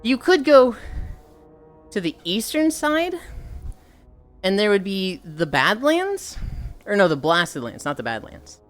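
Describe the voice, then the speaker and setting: A woman's voice: mid-range voice, very animated, slow pace, pauses often, faint music behind. A woman livestreamer chatting casually with her viewers, rambling, sighing often and swearing offhandedly.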